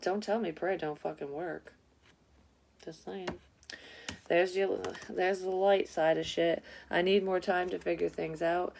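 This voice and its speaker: A woman's voice: on the low side, steady tone, a little slow, gravelly, a little mellow, a little hiss or hum. A woman psychic reading tarot cards in a casual vlog, talking bluntly and rambling with a lot of swearing.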